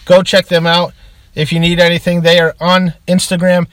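A man's voice: high voice, completely flat delivery, moderate pace, fairly bright tone, no echo. A man from Massachusetts with a Boston accent, co-hosting a casual beer podcast and reading sponsor segments. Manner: chatty, reads ad segments. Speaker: podcast co-host. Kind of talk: casual chat.

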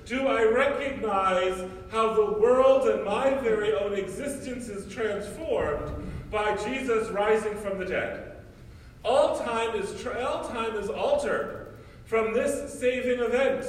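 A man's voice: high-pitched, slow. A male priest giving a sermon, preaching emphatically with repeated rhetorical questions. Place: church. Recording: echoey church from far off.

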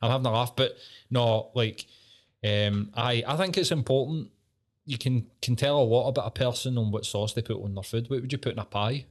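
Scottish man, podcast host, loose sweary banter, mid pitch. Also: a little fast. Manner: sweary, banter-heavy and animated. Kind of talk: casual chat.

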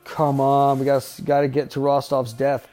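A man's voice: mid-range voice, flat delivery, normal speed, warm tone, faint music behind. Foul-mouthed man riffing over a movie. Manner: profane, wisecracking and offhand. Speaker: podcast host. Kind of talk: casual watch-along movie commentary. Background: faint film soundtrack.

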